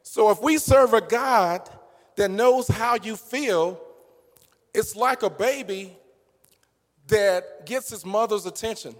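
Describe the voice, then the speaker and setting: A man with a high-pitched voice preaches a sermon. He moves between easy, conversational talk and rising, passionate shouts. The sound rings with a long church reverb. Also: slow, pauses often. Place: church sanctuary.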